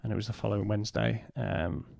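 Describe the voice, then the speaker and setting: A man, a podcast guest, telling a personal story in a halting way and retelling what was said in his own words. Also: lowish voice, steady tone, vocal fry, darkish tone, dry recording, studio quality.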